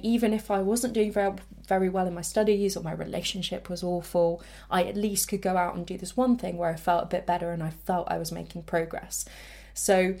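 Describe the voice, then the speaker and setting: A woman's voice: mid-range voice, vocal fry, darkish tone. A young woman hosting a podcast, telling her own story in a candid, reflective way with self-deprecating laughs. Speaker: podcast host. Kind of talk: personal storytelling.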